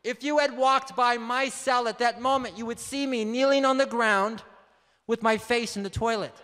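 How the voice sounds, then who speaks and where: High-voiced man preaching in a reverberant hall. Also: a little slow, fairly bright tone. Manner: earnest, emphatic, calls out to the audience. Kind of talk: testimony sermon.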